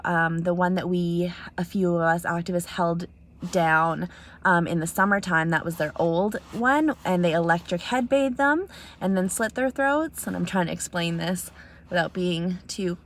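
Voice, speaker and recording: Earnest young woman, slightly low voice. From Canada. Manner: earnest, many ums, retells dialogue. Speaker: vlogger. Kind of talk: casual vlog storytelling. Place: outdoors in snow.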